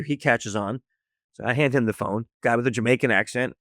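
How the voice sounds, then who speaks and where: A man from the United States, a podcast guest, telling a story with lively energy and acting out each character's lines. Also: on the low side, a little fast, no echo, studio quality. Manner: lively storyteller acting out dialogue, laughs often. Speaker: guest, social engineer. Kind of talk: animated storytelling in a podcast interview.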